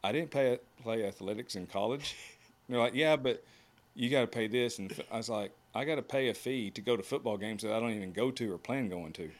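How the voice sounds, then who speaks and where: A man's voice: lowish voice, fairly quick. A man who works as a horseshoer, telling casual stories as a podcast guest and acting out the lines of others. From United States. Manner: folksy, acts out quotes. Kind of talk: casual storytelling.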